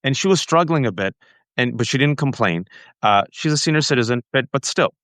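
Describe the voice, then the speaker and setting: Smooth-voiced man telling a story. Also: medium pitch, a little fast, dry recording. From United States. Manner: animated storyteller, acting out quotes. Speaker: host. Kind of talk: casual interview chat.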